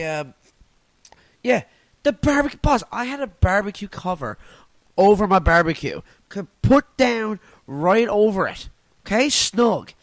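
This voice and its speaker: A man with a Newfoundland accent rants into his phone from his couch, swearing freely and cracking himself up. His voice sits high and swings widely as he gets worked up. The sound is close and dry, with no room around it. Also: no room sound. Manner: profane, animated, laughs at his own jokes. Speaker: podcast host and stand-up comic. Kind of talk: casual solo rant. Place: at home on a couch.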